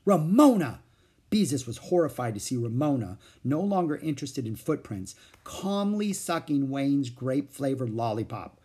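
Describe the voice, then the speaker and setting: A man's voice: medium pitch, normal speed, hardly any pauses, husky. A man reading a children's book aloud, narrating expressively. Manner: expressive, animated voices. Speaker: storyteller.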